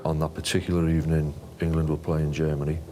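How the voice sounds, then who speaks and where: A man giving a flat, factual recounting of the evening in a documentary interview. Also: a bass voice, fast, faint music behind.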